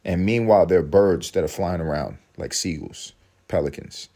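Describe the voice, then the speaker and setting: Young male podcast host, very low voice, profane rambling rant. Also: lively intonation, normal speed, gravelly, mellow. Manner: profane, rambling, self-mocking. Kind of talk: casual solo podcast rant.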